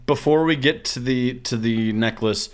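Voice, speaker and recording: A man's voice: medium pitch, moderate pace, smooth. A man co-hosting a casual podcast, rambling through stories, laughing and swearing. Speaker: podcast co-host. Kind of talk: casual movie-recast chat.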